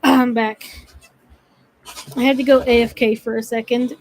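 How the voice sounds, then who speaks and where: A woman with a high voice narrates her gameplay for a stream. She talks casually to her chat and swears when the game goes against her. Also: level tone, measured pace, a little hiss or hum, low-quality recording. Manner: frustrated, swearing, talking to chat. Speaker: gaming streamer.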